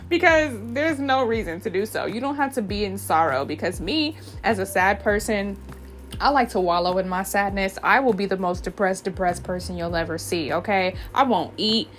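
A young woman chatting to camera in a loose, animated vlog voice, full of slang and easy laughter. Her pitch sits in a middle range for a woman. Soft music plays faintly behind her. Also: moderate pace. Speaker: vlogger. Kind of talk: casual chat.

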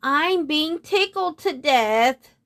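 A woman voicing a frightened female moon in a storybook, begging in a high, tremulous way. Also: animated, takes it slowly, a bit bright, full character voice. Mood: pleading, grateful.

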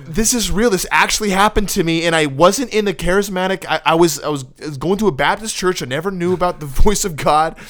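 A man in his twenties, a podcast co-host, telling a personal faith story in casual chat and acting out voices from shouts to whispers. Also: high voice, fast talker, few pauses. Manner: animated storyteller, acts out voices from loud yells to hushed whispers.

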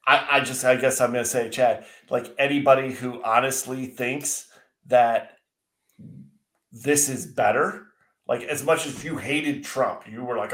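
A man in the middle of a heated political rant, swearing as he goes and tripping over his own restarts. His voice sits at an ordinary pitch and carries a roomy, echoey ring from the space around him. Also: a little slow, a bit bright. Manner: ranting, swearing, frequent restarts. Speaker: podcast co-host. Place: indoors, seated at a desk.

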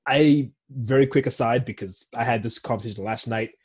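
Speaking briskly in a mid-range voice that is a little mellow with a breathy edge, this podcast co-host rambles casually. He is a young man from Zimbabwe with an American accent who digresses often and keeps correcting himself.

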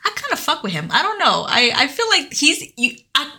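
A woman co-hosting a casual podcast, retelling a story in an animated way with lots of fillers. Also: high-pitched, brisk. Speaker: podcast co-host. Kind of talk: casual chat.

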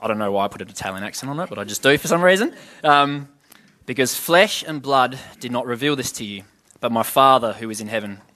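A man's voice: mid-range voice, lively intonation, fast, bright, forceful tone. A man giving an informal Bible teaching, reading scripture passages aloud and then explaining them in an easygoing, conversational way, with questions to his listeners.

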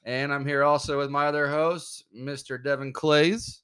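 A young man hosting a casual podcast, laid-back and joking, talking in halting bursts with fillers. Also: fairly high pitch, steady tone, a bit bright, smooth. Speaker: podcast host.

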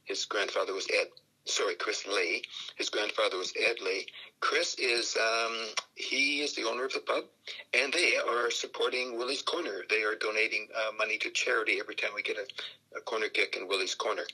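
An older man from Canada, a radio interview guest who tells lively stories and acts out the voices in them. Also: on the low side, fairly quick, husky, rough recording. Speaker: guest, fan group founder.

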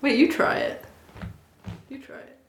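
A woman chatting casually with friends, bubbly and laughing often, with lots of "like". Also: unhurried. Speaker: friend on the show. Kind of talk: casual chat. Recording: echoey room with faint noise.

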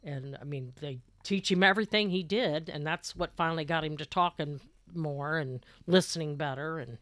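A woman's voice: sits low, moderate pace, fairly bright tone, dry recording. An older woman, the mother of the family, reminiscing about raising her sons. She finishes the others' sentences and tells stories in a plain, homey way. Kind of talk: casual family chat.

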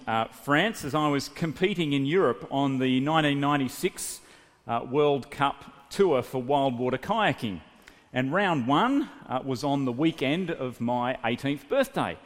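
A man's voice: medium pitch, moderate pace. Australian man preaching in a reverberant hall. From New South Wales, Australia. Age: late 30s. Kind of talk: sermon with a personal story.

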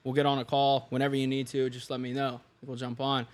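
A young man chats on a podcast as a guest, spinning a story with lively energy. He acts out the lines of the people he quotes and laughs easily. His voice sits at an ordinary middle pitch. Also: quick pace. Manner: animated, laughs often, acts out quoted dialogue. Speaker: podcast guest, online fitness coach. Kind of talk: casual storytelling chat.

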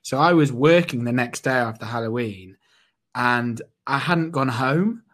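A man's voice: medium pitch, unhurried. Young man telling a story in casual chat. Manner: animated anecdote telling with many fillers and restarts. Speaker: podcast co-host.

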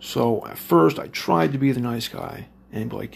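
A man recounts a story in a loose, profanity-laden ramble, circling back and restarting his sentences. His voice sits at an everyday pitch but carries a deep, crackly fry throughout. A faint hiss of noise sits under the recording. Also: normal speed, few pauses. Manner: heavy swearing, rambling with restarts. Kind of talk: casual storytelling.

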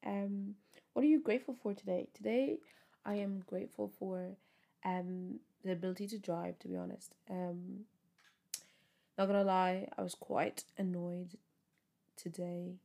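A woman's voice: mid-range voice, a little slow, gravelly, warm tone. A young woman hosting her own podcast, chatting casually and upbeat with lots of fillers despite sounding tired. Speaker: podcast host. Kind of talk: casual solo podcast chat.

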